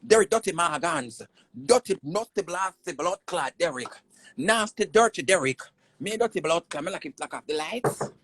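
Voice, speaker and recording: A woman's voice: fairly low pitch, expressive, normal speed, breathy edge. A woman with a Jamaican accent on a livestream, heatedly cussing someone out in a repetitive, insulting rant. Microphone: phone on a screen-recorded livestream.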